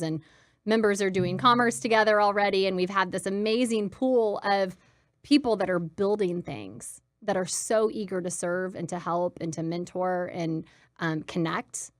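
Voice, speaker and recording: A woman talking as a guest on a studio talk show, lively and chatty with self-deprecating humor. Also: on the low side, dry recording. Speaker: guest, co-founder. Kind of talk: casual studio interview.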